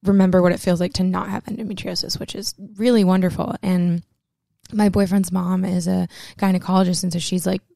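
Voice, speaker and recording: Candid young woman with a gravelly creak. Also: fairly low pitch, flat delivery, fairly quick, dark tone, dry recording, clean studio sound. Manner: candid, emotional, chatty with many fillers. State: close to tears at times. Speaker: vlogger. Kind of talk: personal storytelling to camera.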